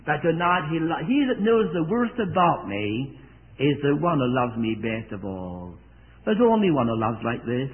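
High-voiced preacher on tinny old tape. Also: male voice, sing-song, moderate pace. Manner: earnest, asks the congregation questions. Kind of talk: sermon. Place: church service.

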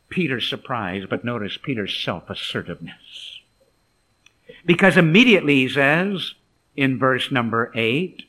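A middle-aged man preaching a sermon, telling a scripture story dramatically, dropping to soft murmurs and rising to emphatic lines. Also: medium pitch, expressive, moderate pace.

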